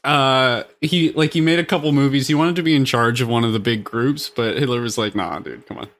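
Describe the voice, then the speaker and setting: A man chatting casually and joking with friends, animated and laughing often. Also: medium pitch, fairly quick. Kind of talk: casual chat.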